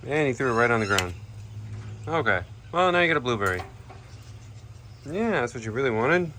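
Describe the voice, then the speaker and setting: With a sing-song, medium-pitched voice and a sharp tone, this animal keeper vlogger chats casually to camera at a moderate pace, leaving long pauses. He speaks affectionately to his animals outdoors among pens and aviaries, and animal sounds and outdoor noise come through.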